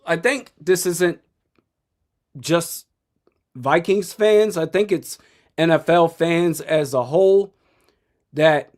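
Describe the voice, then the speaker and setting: Blunt, high-voiced man streaming game reactions. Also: slow, pauses often, a little mellow. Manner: blunt, opinionated, chuckles often. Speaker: sports streamer. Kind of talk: live game commentary and reaction.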